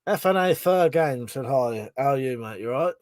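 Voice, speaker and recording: A man's voice: mid-range voice, animated, normal speed, darkish tone, no echo. A man from England, hosting a casual livestream, reading out viewer comments, laughing often and swearing casually. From southern England. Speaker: livestream host.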